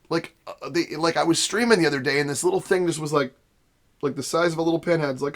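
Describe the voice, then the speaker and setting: A man's voice: a little high, fast. A man hosting his gaming vlog, rambling casually from his home setup, interrupting himself and laughing often. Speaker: gaming channel host. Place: home basement studio room. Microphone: desk camera setup.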